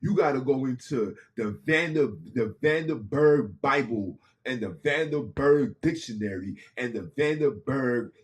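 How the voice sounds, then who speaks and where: A man's voice: medium pitch, measured pace, few pauses. A man hosting a podcast, speaking in an impassioned monologue with casual street phrasing and repeated lines for emphasis. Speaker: podcast host.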